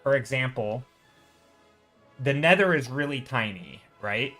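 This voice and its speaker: A man's voice: mid-range voice, animated, unhurried, sharp tone, faint music behind. A man live-streaming while painting digitally, chatting casually and thinking aloud as he greets viewers in chat.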